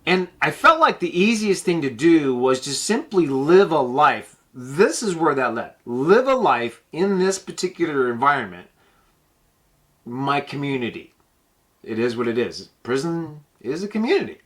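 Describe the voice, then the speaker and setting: A man host telling a personal story in a casual, blunt way, swearing freely and slowing down to stress his points. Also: on the high side, sing-song, a bit bright. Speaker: podcast host.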